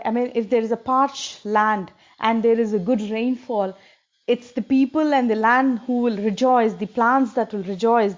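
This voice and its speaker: A woman's voice: a little high, darkish tone. A woman retelling an old epic in casual storytelling narration, explaining as she goes and acting out the characters' lines. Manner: explains as she goes, with fillers and restarts, acting out quoted kings and sages. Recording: dull lo-fi recording.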